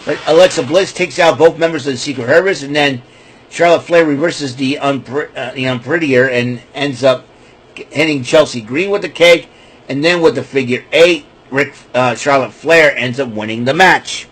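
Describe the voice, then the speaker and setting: A man's voice: medium pitch, normal speed, fairly bright tone, slightly rough. A man hosting a casual wrestling recap, rambling and stumbling over names and laughing at his own jokes. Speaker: podcast host.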